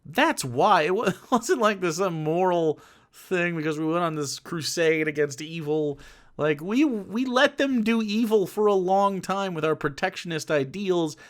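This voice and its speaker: A young man with a high voice that leaps all over the place, ranting sarcastically as he reacts to a video on stream. He swears freely and talks in quick, rambling bursts. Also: lively intonation. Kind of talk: casual reaction commentary.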